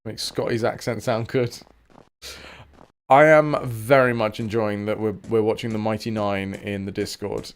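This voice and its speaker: A man's voice: lowish voice, steady tone, unhurried, clean tone. Chatty man with a southern English accent. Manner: chatty, jokey, swears now and then. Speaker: streamer. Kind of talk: casual game commentary. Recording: game music behind.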